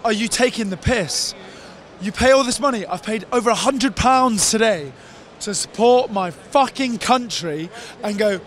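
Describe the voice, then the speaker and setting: An angry rugby fan swears and shouts through a street interview outside a stadium. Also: male voice, high voice, normal speed. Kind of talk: vox pop rant.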